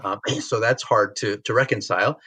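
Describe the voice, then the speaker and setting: A man co-hosting a casual podcast interview, talking in a hesitant way with many pauses and fillers. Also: fairly low pitch, pushed and bright, slightly rough, low-quality recording. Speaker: podcast co-host.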